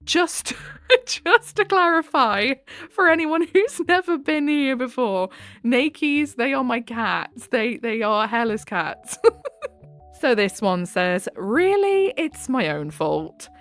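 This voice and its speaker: A woman's voice: high-pitched, slow, fairly bright tone, soft background music. A woman reading dating-app posts aloud, giggling and adding sarcastic asides. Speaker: channel host reading posts. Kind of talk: casual reading with commentary.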